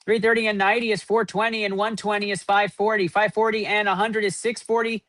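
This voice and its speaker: This host of a live card-opening stream keeps an upbeat running tally of points, hyping every pull. He speaks fast in a high, fairly bright voice with little pitch movement, captured dry.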